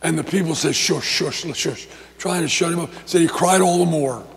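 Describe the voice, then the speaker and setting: A male pastor preaching a sermon, telling a story with lively repetitions and restarts. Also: on the high side, fast, gravelly, long reverb tail.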